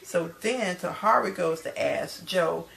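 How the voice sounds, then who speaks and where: A woman's voice: fairly low pitch, a little slow, vocal fry, a bit bright, a little hiss or hum. A woman casually recapping a TV episode to her viewers, chatty and loose, calling them y'all. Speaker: TV show recapper.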